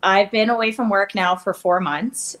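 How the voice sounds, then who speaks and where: A woman from Canada talks openly as an interview guest. Her voice sits at a middle pitch, and she speaks plainly and from the heart about difficult stretches of her life. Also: fairly even intonation, normal speed, a bit bright. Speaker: guest, athlete. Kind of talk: candid interview conversation.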